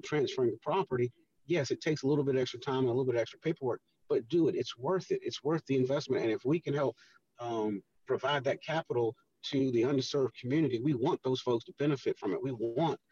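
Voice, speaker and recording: Male radio guest, husky, earnest explainer, heard from a distance on a dull line. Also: medium pitch, darkish tone, dry recording. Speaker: guest, housing redevelopment official. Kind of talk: radio interview talk.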